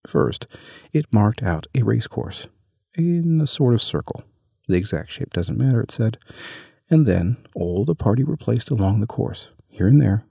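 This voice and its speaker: Man, storybook narrator, dark tone, husky, measured. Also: lowish voice, sing-song, dry recording, clean studio sound. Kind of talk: storybook reading.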